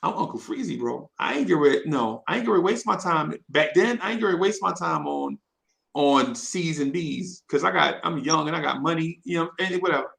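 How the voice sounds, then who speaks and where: A man's voice: fairly high pitch, animated, brisk, gravelly, a bit bright, rough recording. A man in his fifties telling rambling stories in a casual chat, repeating words and laughing as he goes. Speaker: regular in a live audio chat room.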